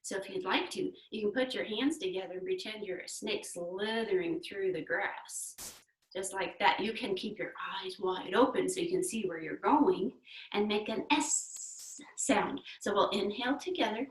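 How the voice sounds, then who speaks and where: A young woman guiding children through breathing exercises and yoga poses in a gentle, encouraging, playful way. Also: medium pitch, normal speed, recorded from a distance. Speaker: kids yoga teacher. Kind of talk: guided kids yoga instruction. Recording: echoey room, away from the mic.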